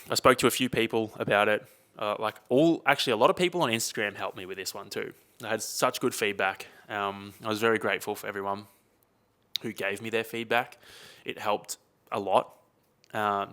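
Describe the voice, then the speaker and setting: A man's voice: lowish voice, a bit bright. A young man, chatting casually and rambling on his own podcast. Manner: rambling, chatty, uses slang like mate and dude. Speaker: podcast host. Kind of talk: casual solo podcast chat.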